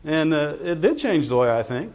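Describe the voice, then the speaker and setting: In a church sanctuary, a pastor preaches a conversational sermon, regularly checking in with his congregation through "Amen?" and "Right?" His voice is on the high side, very animated, and darkish in tone at normal speed. The recording is dull and reverberant.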